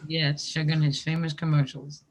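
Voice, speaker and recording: A man hosting a live stream teases his guests and laughs often during casual group chat. He's brash, teasing, and quick to laugh, with a slightly high voice and a level tone.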